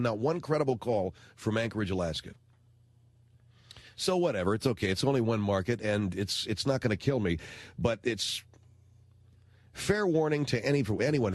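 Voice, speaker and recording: A man's voice: mid-range voice, darkish tone, no echo. A man hosting a radio talk show, ranting in a blunt, slangy, indignant way into a studio microphone.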